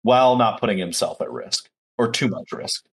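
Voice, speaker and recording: A man playing a tabletop game who calmly explains his character's actions in a matter-of-fact way. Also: fairly low pitch, moderate pace, breathy edge. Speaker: player. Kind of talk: casual tabletop play.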